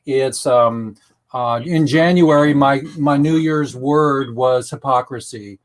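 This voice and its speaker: A man hosting an online talk show, speaking casually with many pauses, ums and restarts. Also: medium pitch. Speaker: web show host.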